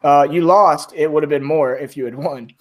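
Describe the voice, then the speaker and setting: A man's voice: a little high, moderate pace. A man narrating a tabletop game as game master, rambling with many fillers and restarts.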